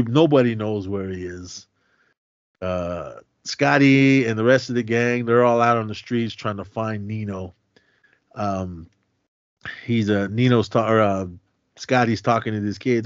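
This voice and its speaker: A man's voice: medium pitch, dry recording, highs cut off. A man co-hosting a podcast, casually recapping a film scene by scene and acting out the characters' lines as he goes. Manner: animated retelling, voicing characters' lines. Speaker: podcast co-host.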